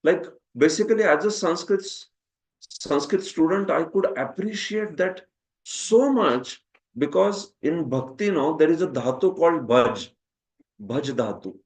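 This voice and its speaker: A man's voice: on the high side, expressive, measured pace, darkish tone. A man with an Indian accent, a Hindi speaker, teaching a scripture class, often asking his students "huh?" and laughing at his own jokes. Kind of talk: classroom lecture with questions.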